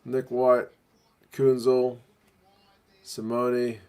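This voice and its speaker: A man's voice: medium pitch, completely flat delivery, very slow, darkish tone, smooth. A man with a New Zealand accent, chatting casually on a live stream as he watches a rugby match and answers viewers. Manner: chatty, reads viewer comments aloud, says bro.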